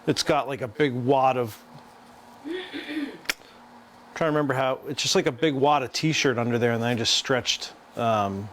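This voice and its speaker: A man hosting a live art stream, explaining his work in a halting, rambling way with lots of restarts. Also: medium pitch, very animated, a crowd in the background. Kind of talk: casual live-stream chat while working.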